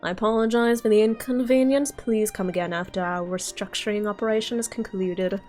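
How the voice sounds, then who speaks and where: Woman doing a nasal male custodian, prim, bureaucratic, pitched high, faint music behind. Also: fairly even intonation, a little fast, darkish tone, close to an everyday voice. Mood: apologetic.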